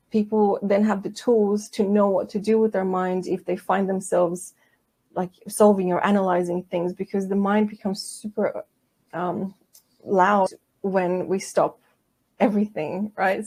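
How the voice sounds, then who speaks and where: A woman massage therapist as an interview guest, explaining her methods calmly and gently. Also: mid-range voice, husky. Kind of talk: interview conversation.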